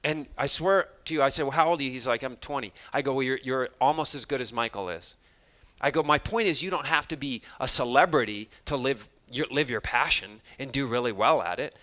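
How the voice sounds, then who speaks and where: A man giving a motivational talk to students, telling stories in an animated way and acting out the dialogue with self-deprecating humor. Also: medium pitch, fairly quick. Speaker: motivational speaker. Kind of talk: storytelling keynote talk to students.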